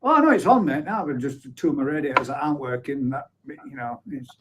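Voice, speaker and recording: A man's voice: a little high, big pitch swings, brisk, background noise. A man in his forties hosting a live stream, chatting casually and reading out viewer comments, blunt, with offhand swearing and frequent laughs. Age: 40s.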